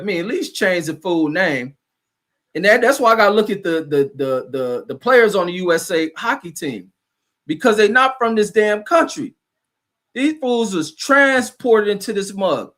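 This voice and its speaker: Man, high voice, angry profane rant, streamer host. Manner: loud, combative, heavy cursing, stumbles over names. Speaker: show host.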